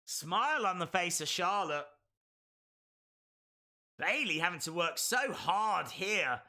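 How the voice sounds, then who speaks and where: Male streamer, excitable play-by-play host; high, very bright voice. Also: slow pace. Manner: excitable play-by-play, bursts into shouts. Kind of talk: live reaction commentary.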